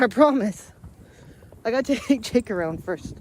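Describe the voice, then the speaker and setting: A woman's voice: fairly high pitch, lively intonation, moderate pace, a little mellow. A woman, vlogging outdoors during a snowstorm, chatty and laughing often as she talks to her pets. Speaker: daily vlogger. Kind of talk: casual vlog chat while walking outdoors.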